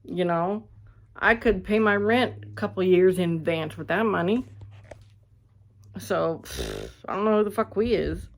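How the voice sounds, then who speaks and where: A woman ranting casually to her viewers, blunt and animated, swearing freely, recorded on a phone indoors at a friend's house. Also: medium pitch, unhurried, pauses often. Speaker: vlogger.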